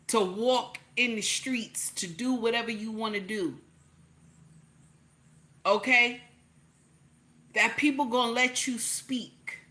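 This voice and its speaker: A woman's voice: a little high, pushed and bright. A woman with a New Jersey accent giving blunt, repetitive livestream commentary, peppered with profanity and "okay?" checks. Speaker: online commentator.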